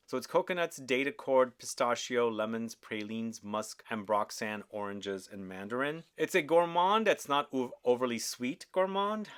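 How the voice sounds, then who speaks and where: A man's voice: fairly low pitch, a bit bright. A man hosting a casual perfume review, talking with enthusiasm and often asking viewers questions. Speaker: fragrance reviewer.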